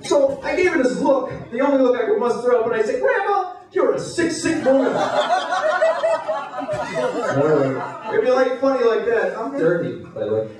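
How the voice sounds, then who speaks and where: High, lively-pitched stand-up comedian. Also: male voice. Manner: crude deadpan one-liners with filler "uh"s. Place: hotel comedy club stage, indoors. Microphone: handheld stage mic. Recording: echoey club from far off, crowd laughing. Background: audience laughter.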